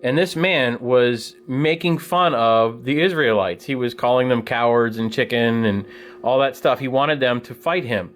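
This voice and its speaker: A man in a middle pitch range leads a children's Bible lesson, retelling the story in an animated, casual way. His delivery is plain-spoken and friendly to young listeners, with lively storytelling turns. It sounds like a teacher speaking straight to a class of kids. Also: unhurried.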